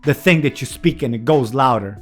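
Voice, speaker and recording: A man's voice: medium pitch, brisk, faint music behind. A man delivering a candid vlog monologue as a heated, profane, emphatic rant. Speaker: vlogger.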